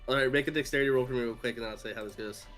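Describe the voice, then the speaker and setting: A man's voice: mid-range voice, fairly even intonation, very fast. Casual young male game master. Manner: casual, filler-heavy narration with laughs. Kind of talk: narrating a tabletop game. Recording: faint music behind voice.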